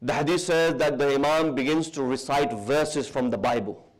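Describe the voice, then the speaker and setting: A man from the UK giving a sermon in a large hall, telling a religious story with lively emphasis and Arabic terms mixed in. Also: medium pitch, moderate pace. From United Kingdom. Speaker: preacher.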